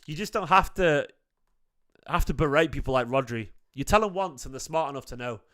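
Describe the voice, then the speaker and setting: A man in his late thirties hosts a reaction stream, chatting to his viewers in a bright, slightly high voice. He is casual and somewhat defensive, and he keeps calling people mate. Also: lively intonation, brisk. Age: 30s. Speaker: fan channel host. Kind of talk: casual reaction talk to live chat.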